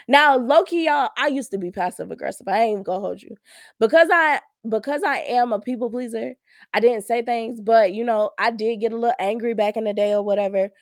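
A woman's voice: a little high, normal speed, dry recording, clean studio sound. A woman, hosting a casual solo talk, candid and slangy with lots of fillers. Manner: chatty and candid, slangy, many fillers and laughs. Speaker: podcast host.

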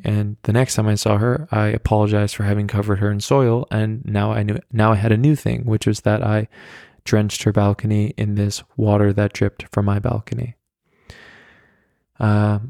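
A man hosting a solo podcast, telling rambling, self-deprecating stories in his flat with many fillers, carrying a handheld mic around as he walks. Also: fairly low pitch, vocal fry, no room sound, clean studio sound. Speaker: podcast host. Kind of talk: casual solo storytelling. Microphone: handheld mic carried around.

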